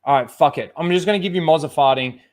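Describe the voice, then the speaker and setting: A man's voice: a little high, fast, darkish tone. A man hosting a livestream in casual chat, swearing freely and rambling as he stalls for time. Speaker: livestream host.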